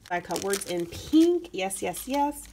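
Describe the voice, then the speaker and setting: A woman doing a casual craft unboxing vlog, chatty and gushing, her voice going hoarse. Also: mid-range voice, sing-song, slow, warm tone, a little hiss or hum. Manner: gushing, chatty, lots of "so cute" and "you guys". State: voice getting hoarse. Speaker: craft vlogger opening mail.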